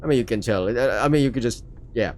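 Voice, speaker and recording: A man's voice: medium pitch, fast talker. A man with a Filipino accent reading a visual novel aloud and breaking off into rambling, jokey asides that trip over themselves. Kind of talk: casual let's-play commentary and reading.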